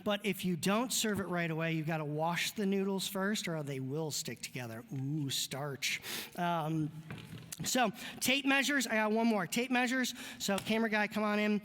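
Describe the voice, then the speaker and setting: Brief: male pastor, fairly high voice, loose joking sermon style, long church-hall reverb. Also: normal speed, fairly bright tone, slight background noise. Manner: joking, conversational, chatty asides. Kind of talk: casual sermon. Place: church sanctuary.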